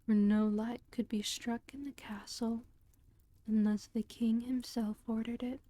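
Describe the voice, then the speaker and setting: A woman storyteller reading a book aloud in a whispered role-play, with a slow and gentle whisper into a close microphone. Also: a little high, little pitch movement, dry recording.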